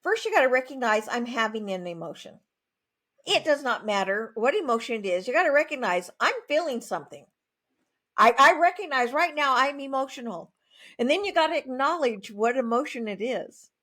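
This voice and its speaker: A woman guest author talks through her ideas in a relaxed interview, her voice sitting a little high. She is emphatic and plain-spoken, and she punches her points with animated asides. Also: moderate pace. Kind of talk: conversational interview.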